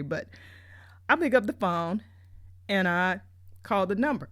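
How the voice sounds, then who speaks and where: A woman telling a humorous personal story in an animated, playful way. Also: mid-range voice, unhurried, long pauses, no room sound, clean studio sound. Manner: animated, playful, lots of voice jumps.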